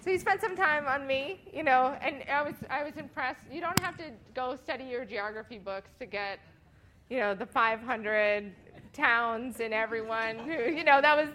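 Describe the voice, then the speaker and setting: A woman's voice: on the high side, normal speed, sharp tone, a little hiss or hum. A woman, chatting casually and animatedly to a church group, with fillers and laughs.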